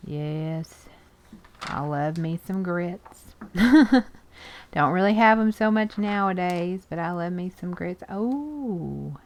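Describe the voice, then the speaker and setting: Woman, unhurried, lowish voice, chatty craft-video host, faint hiss behind. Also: animated. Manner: chatty, exclaims over pictures, reads snippets aloud. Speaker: art journaling video host. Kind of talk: casual chat while sorting magazines.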